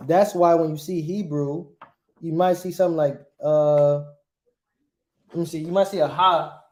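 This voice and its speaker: A man's voice: a little high, fairly even intonation, normal speed, roomy sound. A man teaching a lesson, asking rhetorical questions and punctuating points with emphatic asides. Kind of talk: classroom lesson.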